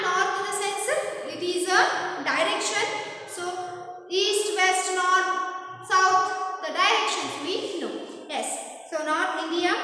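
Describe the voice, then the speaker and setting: High, bright Kannada-accented woman teaching in an echoey classroom. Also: far from the mic, slight background noise. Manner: slow, repetitive explaining, spelling words letter by letter, switching into Kannada. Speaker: school English teacher. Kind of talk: classroom vocabulary lesson.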